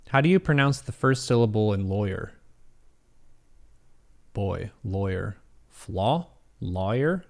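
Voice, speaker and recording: A young American man casually reading quiz questions aloud on a live stream, joking and swearing as he answers. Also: fairly low pitch. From United States.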